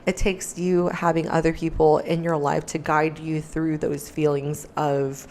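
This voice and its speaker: Woman reaction commentator, low voice, earnest and reflective, speaking in soft asides. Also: flat delivery, measured pace, slight background noise.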